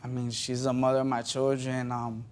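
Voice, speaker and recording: A man's voice: mid-range voice, monotone, normal speed, a little mellow. A man testifying as a husband in a TV courtroom, speaking casually with repeated phrases.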